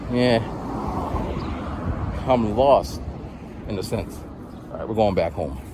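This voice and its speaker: Out on a walk, a rapper and vlogger in his 40s speaks slowly in a lowish voice, with background noise around him. He meanders casually to the camera and impersonates other people along the way.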